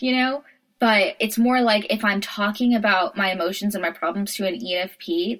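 Her mid-range voice has a fairly bright tone as she chats casually on a podcast she co-hosts. She giggles a lot, frequently laughing mid-sentence.

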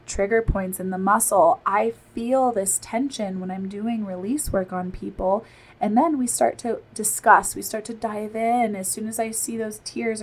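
A woman's voice: mid-range voice, rough recording. A woman in her thirties hosting a podcast, talking earnestly and reassuringly straight to her listeners. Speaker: podcast host and postpartum body therapist. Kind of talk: solo podcast talk.

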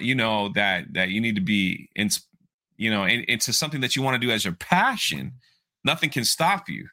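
A man hosting a podcast, retelling a story in a lively, animated way. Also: mid-range voice, moderate pace. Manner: animated storyteller, acts out quoted voices. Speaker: podcast host. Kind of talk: casual podcast chat.

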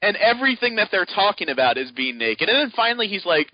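A man telling an animated anecdote in casual podcast chat. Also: high-pitched, fast talker, no echo. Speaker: podcast co-host. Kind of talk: casual storytelling. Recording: dull lo-fi sound.

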